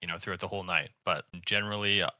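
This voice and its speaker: A man player in a tabletop game, talking quietly and hesitantly over a dull lo-fi mic. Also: deep voice, fairly even intonation, racing, a crowd in the background. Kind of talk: casual chat.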